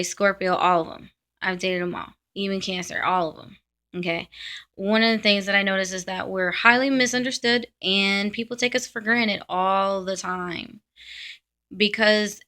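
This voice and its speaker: A woman's voice: lowish voice, pushed and bright. A woman vlogger talking bluntly to camera in a casual, ranting monologue.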